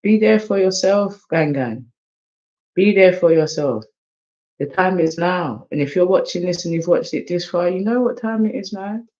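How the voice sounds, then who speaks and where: A man's voice: high voice, animated, moderate pace, a little mellow. A man with an English accent full of London slang reads oracle cards in a loose, casual way, swinging between hype and mumbling. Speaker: oracle card reader. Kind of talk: casual tarot-style card reading. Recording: slightly dull lo-fi sound.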